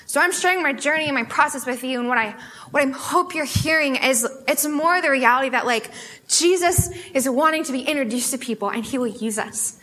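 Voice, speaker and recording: Young American woman preacher with a high, bright voice, animated storytelling, filler-heavy and chatty. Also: fairly quick. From United States. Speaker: guest speaker at a student fellowship. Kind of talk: testimony sermon.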